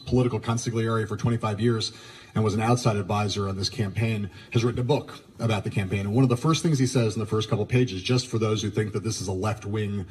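A man hosting on television, speaking in a measured, explanatory way. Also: fairly low pitch, fairly even intonation, darkish tone, a little hiss or hum. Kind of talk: television commentary.

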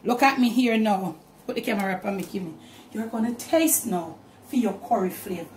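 A woman's voice: medium pitch, brisk, darkish tone, roomy sound, soft background music. A woman with a Jamaican accent hosting a home cooking demonstration, talking chattily straight to the camera and mixing in Patois. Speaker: cooking channel host. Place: home kitchen.

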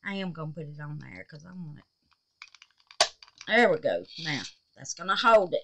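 A woman's voice: low-pitched, big pitch swings, moderate pace, long pauses, slight background noise. A woman chatting folksily while assembling a resin clock at home, tired and huffing, with frequent exclamations and laughs. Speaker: resin craft vlogger. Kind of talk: casual crafting chat.

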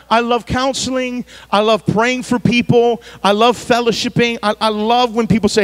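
A man's voice: extremely high pitch, steady tone, normal speed, few pauses, fairly bright tone. A man pastor preaching a sermon at a church service, emphatic and fond of repeating his phrases.

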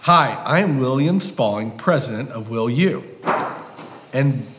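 A man's voice: medium pitch, animated, measured pace, pitched below the performer's own voice, close to an everyday voice. A man playing a goofy, self-important college president, reading comedy cue cards and breaking into laughs between takes. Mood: deadpan. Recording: echoey hall with loud background noise.

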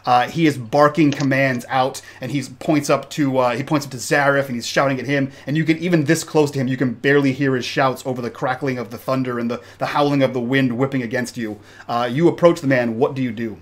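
A man's voice: medium pitch, steady tone, fast talker, hardly any pauses. A man running a tabletop game as game master, narrating a stormy scene in a loose, improvised way.

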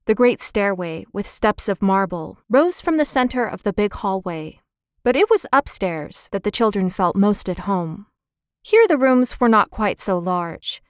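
A woman narrating a children's chapter book in a clear, gentle, expressive reading. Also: mid-range voice, measured pace, no echo, studio quality. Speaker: audiobook narrator. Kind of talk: scripted storybook narration.

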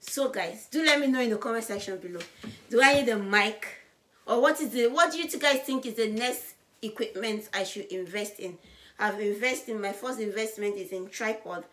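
A woman vlogging to camera, loud and bubbly, with a voice she calls high and loud. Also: moderate pace. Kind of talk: casual vlog to camera.

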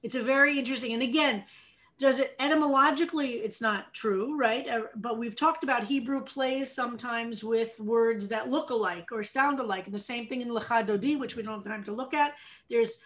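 American woman rabbi, higher voice, leading a study class with questions. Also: a little fast. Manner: animated explainer, asks the class questions. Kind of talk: teaching a text study session.

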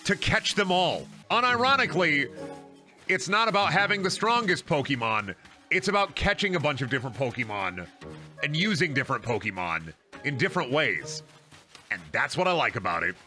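Young man, game streamer, bright voice, slightly high, crude jokey rambling, sudden yelling, faint game music. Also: moderate pace. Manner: excitable, profane, sudden yelling outbursts. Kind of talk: casual gameplay commentary.

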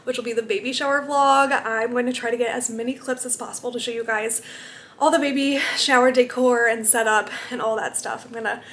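A woman's voice: a little high, steady tone, brisk, a bit bright. A young woman chatting to the camera in a casual home vlog, a little out of breath, bubbly and full of fillers. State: out of breath from pregnancy. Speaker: vlogger. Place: home, indoors. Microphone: camera mic. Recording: echoey room.

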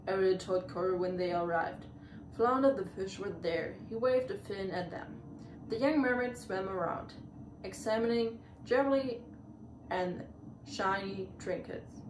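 A woman's voice: mid-range voice, a little slow. A woman reading a children's storybook aloud, stumbling and restarting on words now and then. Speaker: reader. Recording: echoey room, far from the mic, faint hiss.

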